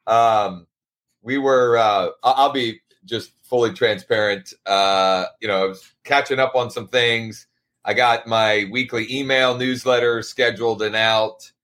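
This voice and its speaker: A man hosts a casual live show, his pitch sitting right in the middle of the usual range. He talks loosely and rambles along, often starting a sentence over before finishing it. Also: fairly even intonation, unhurried, fairly bright tone. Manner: loose and rambling, with frequent restarts. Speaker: host.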